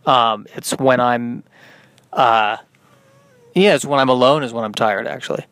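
A man's voice: medium pitch, fairly even intonation, normal speed, a bit bright, clear, resonant tone, dry recording. A man hosting a solo podcast, tired and yawning, rambling in a self-deprecating way. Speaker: podcast host.

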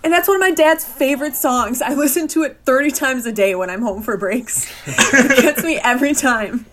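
Female co-host, higher-pitched, laughs easily. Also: normal speed, a bit bright. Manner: giggly, enthusiastic. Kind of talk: casual chat.

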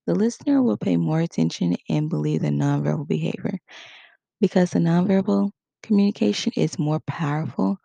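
Woman with a heavily creaky voice. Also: on the low side, warm tone, dry recording. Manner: conversational, acts out example quotes. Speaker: instructor. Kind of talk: casual spoken lesson.

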